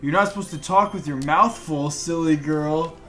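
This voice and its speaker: Dude reading as a smug teasing guy, a bit lower, mock suave. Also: moderate pace, bright, forceful tone. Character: smug teasing young man in a bad fanfic.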